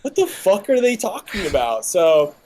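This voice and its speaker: A young man, a podcast guest, telling stories in casual chat, animated and swearing a lot. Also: high-pitched, normal speed. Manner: animated, heavy swearing, laughing often.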